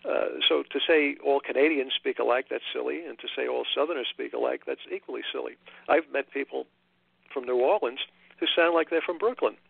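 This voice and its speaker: An older man from Long Island, an author being interviewed on the radio, talking in a halting way with many fillers and restarts. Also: medium pitch, vocal fry, husky, no echo. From Long Island, New York. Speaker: author guest. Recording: tinny phone line.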